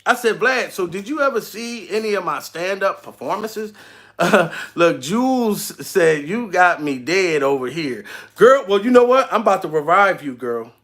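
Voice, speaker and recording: A man, a comedian, telling a profane, animated story in a vlog, laughing often. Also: high-pitched, normal speed. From New York.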